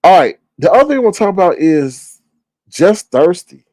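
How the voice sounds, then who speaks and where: A man hosting casual gossip commentary, talking in an animated, incredulous way and swearing freely. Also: high voice, normal speed, no room sound. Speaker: commentary channel host.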